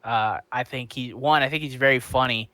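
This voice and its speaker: A man's voice: medium pitch, a little fast, pushed and bright, dry recording. A man co-hosting a casual podcast, rambling through an episode recap with many ums and self-corrections. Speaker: podcast co-host. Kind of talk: casual chat.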